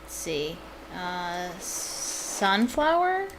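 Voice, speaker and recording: A woman's voice: lowish voice, big pitch swings, extremely slow, background noise. A young woman casually commenting on a puzzle game, musing aloud and hesitant, with many fillers. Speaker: let's play gamer.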